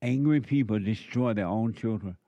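A man's voice: on the low side, moderate pace, mellow, no echo, highs cut off. A man preaching a sermon, emphatic and repetitive as he addresses a live audience.

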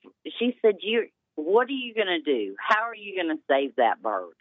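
A woman's voice: fairly low pitch, big pitch swings, normal speed, no echo. A woman calling in to a radio show, talking in a rambling, hesitant, emotional way. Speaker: caller. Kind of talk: phone-in call. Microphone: telephone. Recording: tinny phone line.

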